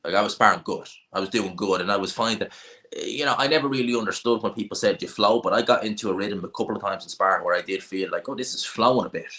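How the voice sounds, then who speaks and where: Man, North Dublin accent, low voice, bright forceful tone, casual livestream chat, blunt offhand opinions. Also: fast talker. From Ireland. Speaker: livestream host. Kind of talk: casual livestream chat answering viewer questions.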